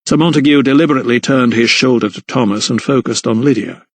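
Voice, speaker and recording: A man's voice: medium pitch, quick pace, no room sound. Male audiobook narrator, dry close mic. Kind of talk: scripted narration.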